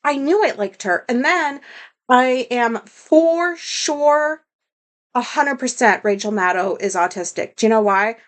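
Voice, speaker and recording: A woman's voice: on the high side, animated, measured pace. A woman from the United States talking to camera in a casual storytelling monologue, rambling and candid, with lots of "like" and some swearing. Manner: rambling, heavy use of "like", candid, swears, self-deprecating. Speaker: vlogger.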